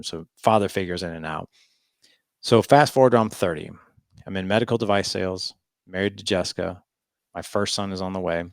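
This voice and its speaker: Deep gravelly man telling his story. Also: no echo, studio quality. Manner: animated storyteller, lots of "I was like" quotes. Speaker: podcast guest. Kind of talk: storytelling interview.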